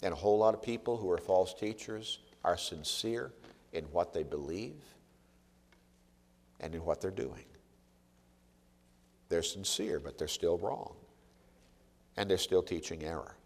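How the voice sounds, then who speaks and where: Preaching man in a reverberant hall. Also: low voice. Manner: emphatic, rising and falling delivery, slows on key words. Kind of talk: sermon. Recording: long reverb of a large hall.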